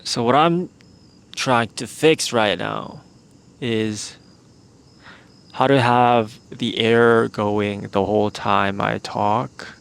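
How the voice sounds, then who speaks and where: A man talks slowly through his solo podcast, his voice gravelly with a lot of vocal fry. He rambles in a relaxed way, with plenty of "like" fillers. He speaks into a handheld mic outdoors. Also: on the low side. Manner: relaxed, meandering, with many "like" fillers. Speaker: podcast host. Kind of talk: casual solo podcast talk. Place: outdoors in a remote spot. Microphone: handheld microphone.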